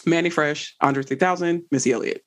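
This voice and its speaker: A woman, a podcast guest chatting in an animated way and often laughing as she tells stories. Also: low-pitched, fairly quick. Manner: animated, laughs while telling stories, Southern slang. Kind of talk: casual conversation.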